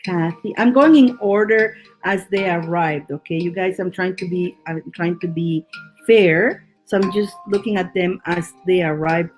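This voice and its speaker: A woman's voice: lowish voice, a little slow, soft background music, low-quality recording. A woman giving a live tarot reading, chatty with her viewers and laughing often, her voice worn from laughing. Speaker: tarot reader.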